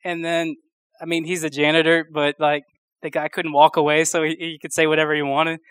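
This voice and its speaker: Chatty young preacher, slightly high voice. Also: male voice, completely flat delivery, brisk, a bit bright, clear, resonant tone, no echo. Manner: chatty, rambling, full of fillers and restarts. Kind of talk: casual storytelling sermon.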